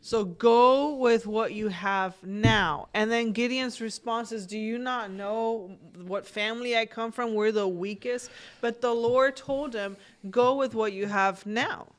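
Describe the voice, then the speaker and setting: A woman co-pastor calmly adding supporting remarks during a sermon. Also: a little high, a little slow. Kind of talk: sermon commentary.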